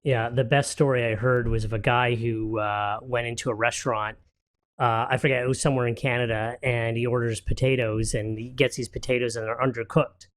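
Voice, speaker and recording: A man appearing as an entrepreneur guest on a talk show, relaxed and storytelling, with frequent fillers. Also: mid-range voice, fairly quick. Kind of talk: casual studio interview.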